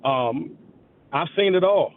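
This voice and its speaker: Caller on a tinny phone line. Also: male voice, on the high side, takes it slowly. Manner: animated, emphatic fan.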